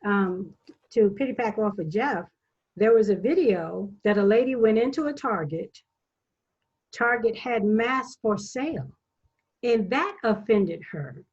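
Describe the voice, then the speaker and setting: A woman telling a story in a casual group podcast chat, in an animated way. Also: medium pitch, measured pace, husky. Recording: dull lo-fi call audio.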